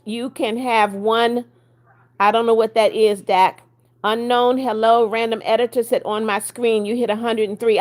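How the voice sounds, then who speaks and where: A woman in her seventies hosts a live stream, reading comments out and greeting each viewer by name. Her voice sits a little high for a woman, and she talks in a chatty, blunt way that turns scolding when someone annoys her. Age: 70s. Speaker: livestream host. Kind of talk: casual livestream chat reading comments.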